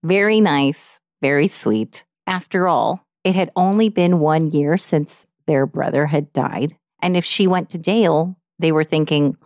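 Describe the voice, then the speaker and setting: A woman's voice: sits low, a little slow, few pauses, a little mellow, no echo, clean studio sound. Laughing, blunt woman co-host. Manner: laughs often, blunt and joking. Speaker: podcast co-host. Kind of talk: casual true-crime chat.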